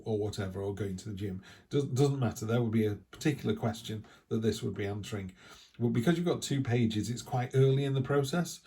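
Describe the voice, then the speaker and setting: A middle-aged man talks through a tarot reading. His voice sits a little low and sounds warm and mellow. He rambles in a chatty way, with animated asides. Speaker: tarot reader. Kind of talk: casual spoken tarot reading.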